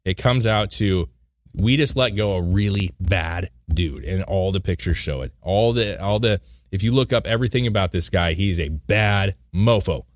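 A man co-hosting a casual political chat, blunt and animated, who swears and drags out key words. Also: low voice, moderate pace, no room sound, clean studio sound. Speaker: podcast co-host.

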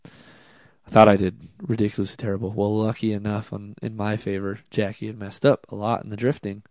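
A man, a drift driver, telling a casual story in an interview, animated and self-deprecating, with many fillers. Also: fairly low pitch, quick pace, no echo.

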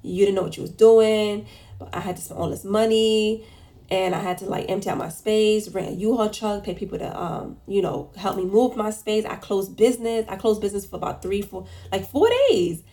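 A young adult woman casually telling a story and venting, often quoting people in a raised, animated voice. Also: medium pitch, brisk. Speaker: podcast host and business owner.

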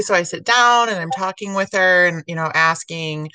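A woman who works as an emergency physician assistant, telling stories in a casual podcast chat, animated and laughing often. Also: on the low side, fairly quick, hardly any pauses, clean tone, no echo.

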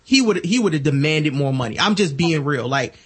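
A man's voice: a little high, animated, brisk, slightly rough. A man co-hosting a podcast in casual chat, arguing bluntly in slangy, profane speech. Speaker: podcast co-host.

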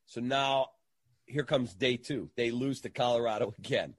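A man, a sports radio entertainer, telling an animated anecdote in a casual interview and acting out the quotes. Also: mid-range voice, normal speed, dry recording.

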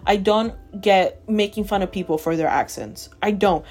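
A woman's voice: medium pitch, normal speed, a little mellow, faint music behind. A woman with a Southern American accent hosting a solo podcast, ranting emphatically and repeating herself for emphasis. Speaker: podcast host.

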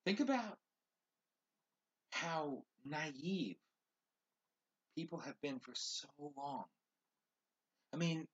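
A man's voice: on the high side, lively intonation, extremely slow, long pauses, husky, highs cut off. A man hosting his own podcast, delivering a fired-up social commentary rant that repeats phrases for emphasis. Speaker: podcast host.

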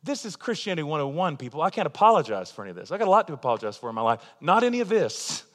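Impassioned high-voiced male preacher, reverberant hall. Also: sing-song, rapid-fire. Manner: impassioned, swings from quiet to loud. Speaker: pastor. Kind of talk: sermon.

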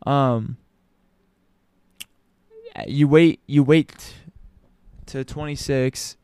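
A man's voice: mid-range voice, steady tone, drawn-out words, a little mellow, smooth, no echo. A man talking casually to his audience as a commentator, opinionated, with frequent ums and restarts. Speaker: sports commentator. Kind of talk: casual basketball talk.

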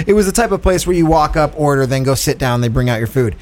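A man's voice: fairly high pitch, fast talker. A man in his thirties, a podcast co-host, telling stories in a casual chat, swearing and acting out what people said. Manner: animated, swearing, acts out quotes.

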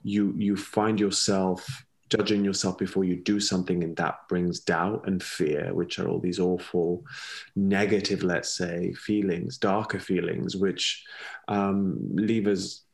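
A man's voice: sits low, little pitch movement, a little slow, creaky. A man with a European accent, talking reflectively as an interview guest, often laughing and repeating words while he searches for them. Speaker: interview guest, former ballet colleague and mentor. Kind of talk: reflective conversational storytelling.

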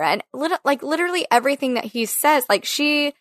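Chatty woman with a higher voice. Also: expressive, a little fast, few pauses, a bit bright, no room sound, studio quality. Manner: chatty, lots of "like" fillers, acts out quotes. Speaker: podcast co-host. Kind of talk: casual film discussion chat.

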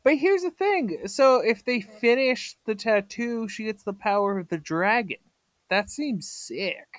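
A podcast co-host in casual chat about a comic, making wry deadpan comments. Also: medium pitch, measured pace, dry recording.

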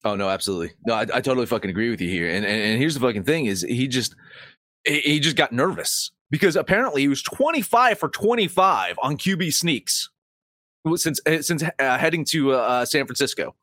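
A man's voice: medium pitch, expressive, brisk, bright, forceful tone, no room sound, clean studio sound. A man co-hosting a sports podcast, ranting with heavy swearing and sarcasm. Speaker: podcast co-host. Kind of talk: casual sports talk.

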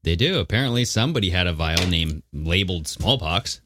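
A man's voice: deep voice, expressive, a little fast, background noise. A man co-hosting a podcast, teasing and crude in casual banter. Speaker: podcast co-host.

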